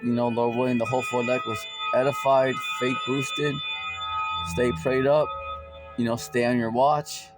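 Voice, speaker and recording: A man preaching a casual street sermon in a conversational, slangy, repetitive way, full of fillers, with music playing behind. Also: mid-range voice.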